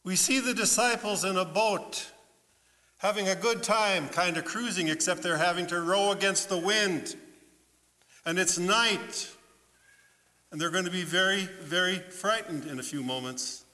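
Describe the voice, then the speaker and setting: A man preaching as a pastor in a church, telling a story in an animated way and putting questions to his listeners. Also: sits high, a little slow. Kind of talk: children's sermon storytelling. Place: church sanctuary. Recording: long church reverb.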